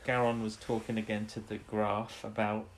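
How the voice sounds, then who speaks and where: A man's voice: on the low side, little pitch movement, normal speed, slight background noise. A man co-hosting a show, recapping an episode in casual chat, rambling with restarts and tag questions. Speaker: podcast co-host.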